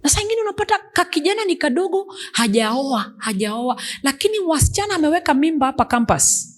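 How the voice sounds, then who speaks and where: A woman's voice: high-pitched, sing-song, fast. A woman pastor, preaching an emphatic sermon that mixes English and Swahili.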